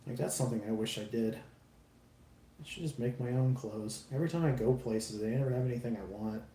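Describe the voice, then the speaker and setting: Talking fairly quickly in a warm, mid-range voice, a man chats with viewers while putting together a model kit on a live stream. He's rambling and self-deprecating and swears freely, amid a roomy echo and faint background noise.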